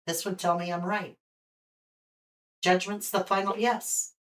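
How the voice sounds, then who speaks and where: A woman's voice: lowish voice, level tone, measured pace, recorded from a distance, slight background noise. A woman hosting a live stream, reading tarot cards and chatting with viewers in a speculative, friendly way, with hiccups today. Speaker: host and tarot reader.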